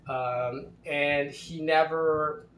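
A man's voice: on the high side, fairly even intonation, drawn-out words, a bit bright. A man telling a casual anecdote in a rambling, hesitant way, often restarting his sentences. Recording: roomy with faint ambient noise.

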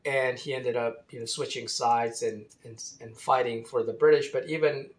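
A man telling a history story casually, pausing with many fillers and restarting his sentences. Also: medium pitch, fairly even intonation.

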